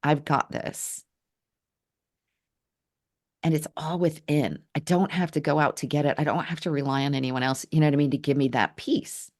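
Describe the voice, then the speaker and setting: Woman, very low voice, earnest reflective storyteller, halting delivery. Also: steady tone, a little mellow. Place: Portland area, Oregon.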